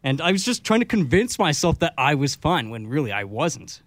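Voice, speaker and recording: A man on a radio talk show tells an embarrassing story about himself. He sounds sheepish and giggly, and his voice is high. The sound is dry and close. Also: sing-song, moderate pace, a bit bright, no echo.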